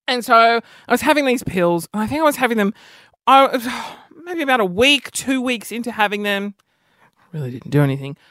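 A man's voice: very high voice, lively intonation, moderate pace, sharp tone, dry recording, clean studio sound. A man hosting a podcast, telling self-mocking stories in a chatty, casual way and swearing freely. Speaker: podcast host. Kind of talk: casual comic storytelling.

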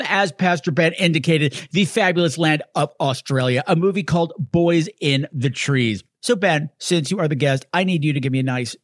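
An excitable man hosting a podcast, his voice high and swooping all over the place. He talks in a theatrical, chatty way and laughs easily. The sound is dry and close to the mic. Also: no room sound. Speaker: podcast host. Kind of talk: casual podcast chat. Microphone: podcast microphone.

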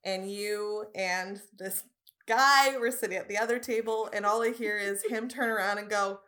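A young woman telling a story in a relaxed chat, laughing often and trailing off. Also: mid-range voice, normal speed. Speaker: podcast guest.

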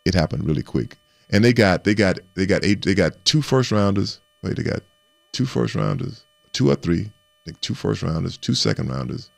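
Deep gravelly man telling stories. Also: moderate pace, no room sound. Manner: animated storyteller who repeats and restarts words and acts out quotes. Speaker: guest recounting his playing career. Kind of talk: casual storytelling interview.

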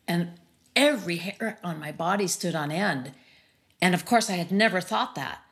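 An animated, fairly bright, lowish voice at normal speed comes from a middle-aged sound healer and interview series host. Appearing as a guest, she speaks earnestly and reflectively about grief, with many "you know" fillers.

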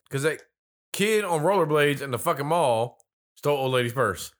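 A man's voice: fairly high pitch, normal speed. A man co-hosting a casual movie-review chat, riffing sarcastically and swearing freely. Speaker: podcast co-host.

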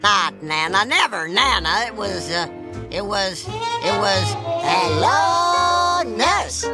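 Old cartoon lady, forgetful, rambling, swooping sing-song pitch, music behind. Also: very animated, slow pace. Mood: muddled. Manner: rambling, searching for words. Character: forgetful elderly woman on a porch. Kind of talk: cartoon voice acting.

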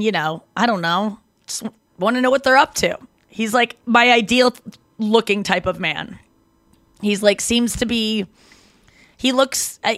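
A woman's voice: medium pitch, a bit bright, dry recording. Chatty Canadian woman, dry close sound. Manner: chatty storytelling, heavy use of "like", quick self-corrections. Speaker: podcast co-host. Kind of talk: casual chat.

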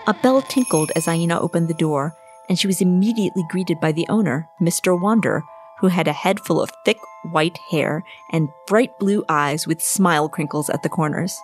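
A woman reading her own story aloud in an expressive storybook narration. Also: lowish voice, normal speed, soft background music. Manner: expressive, varies voices for characters.

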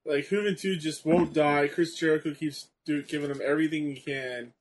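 A man's voice: on the high side, steady tone, moderate pace. A man chatting casually while watching a match, giving easygoing running commentary. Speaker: co-viewer. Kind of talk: casual watch-along chat.

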